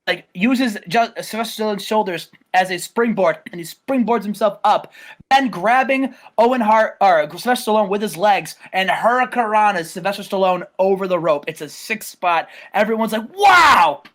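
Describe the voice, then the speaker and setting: Excitable man recapping a match. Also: high voice, moderate pace. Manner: excitable, rambling, many restarts, bursts into loud acted-out quotes. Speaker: host recapping a wrestling game simulation. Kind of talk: casual play-by-play recap.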